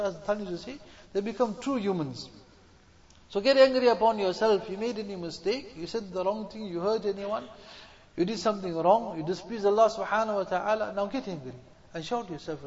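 A man preaching a sermon, exhorting his listeners and repeating phrases for emphasis. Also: sits high. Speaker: Islamic preacher. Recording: dull echoey hall recording.

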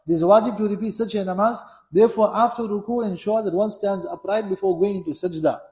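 Quick-paced and mellow, a high-pitched man preaches an Islamic sermon. He presses his message home through earnest repetition and exhortation, and the space echoes around him.

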